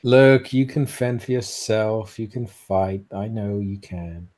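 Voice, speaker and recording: A man's voice: fairly low pitch, slow pace, a little mellow. A man voicing a retired female ex-fighter who is blunt, swears freely, and is protective. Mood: concerned. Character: blunt retired female ex-fighter, caring but foul-mouthed.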